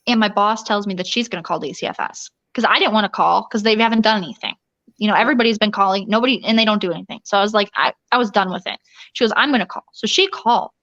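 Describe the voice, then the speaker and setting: A woman at a middle pitch tells her story in an interview, urgent and rushed, restarting sentences and voicing the people she quotes. The sound is dull and lo-fi, with a dry, close feel and no room echo. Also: a bit bright. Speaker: interview guest. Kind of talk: recounting a personal ordeal in an interview.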